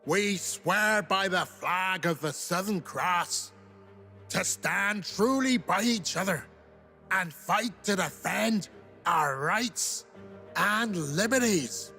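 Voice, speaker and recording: A man voicing a rebel leader who swears a solemn oath, declaiming slowly. The voice sits high and sounds bright, with every word drawn out. It comes from far off, with music underneath. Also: expressive, exaggerated voice. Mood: defiant.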